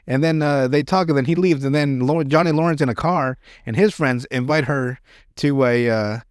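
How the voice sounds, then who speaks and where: A man's voice: medium pitch, normal speed, clean tone, no echo, studio quality. A man hosting a podcast, chatting casually about a movie, rambling with lots of filler words, swearing and laughing often. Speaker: podcast host.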